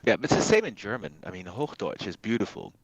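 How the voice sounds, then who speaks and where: A man in casual conversation, giving blunt opinions in a halting way full of fillers. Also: fairly low pitch, big pitch swings, rough recording.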